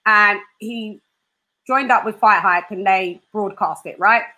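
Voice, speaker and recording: A woman interviewing a guest in casual chat, animated and laughing often. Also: mid-range voice, unhurried. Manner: animated, laughs often, does voices for quotes.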